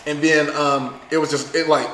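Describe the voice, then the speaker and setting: A man's voice: on the high side, flat delivery, moderate pace, a bit bright, slight background noise. Young man chiming in, echoey room. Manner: chimes in and laughs, adds details to a friend's story. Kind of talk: casual storytelling chat.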